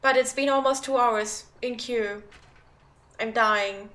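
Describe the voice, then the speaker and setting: A woman's voice: a little high, steady tone, takes it slowly, a bit bright. A woman in her thirties chatting casually on a game livestream, rambling and self-deprecating. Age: 30s. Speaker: game streamer.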